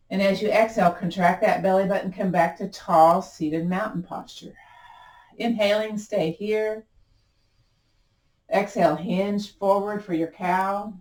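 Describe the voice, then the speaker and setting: Yoga teacher woman, roomy distant sound. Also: on the low side. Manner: gentle, chatty, self-teasing cues with breath counts. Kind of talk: guided yoga class instruction. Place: home room with yoga blanket and chair.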